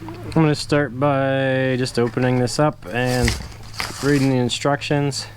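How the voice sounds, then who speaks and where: A man casually talking through a do-it-yourself car repair, relaxed and self-deprecating, with plenty of fillers. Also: mid-range voice, a little slow, a little hiss or hum. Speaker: DIY vlogger. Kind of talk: casual how-to narration.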